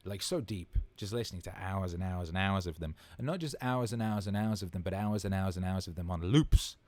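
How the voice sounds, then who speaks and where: Hosting a laid-back livestream Q&A, a man in his thirties rambles excitedly, curses freely, and repeats words to stress them. He has a low, darkish voice and speaks fairly fast, with no echo in the audio.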